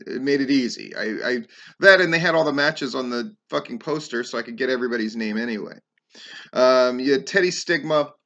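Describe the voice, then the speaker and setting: A middle-aged podcast host reviews a wrestling show casually, rambling along with plenty of swearing and "um"s. His medium-pitched voice is bright and forceful, and the recording has its highs cut off.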